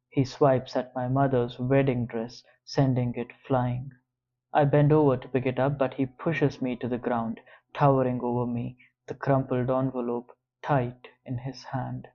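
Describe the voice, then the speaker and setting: Male audiobook narrator, slow deliberate first-person read, slightly muffled audio. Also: medium pitch, level tone.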